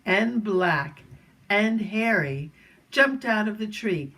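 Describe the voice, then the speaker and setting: A woman reading a children's chapter book aloud, gentle and storytelling, with asides to young listeners. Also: medium pitch, animated, slow pace, poor audio.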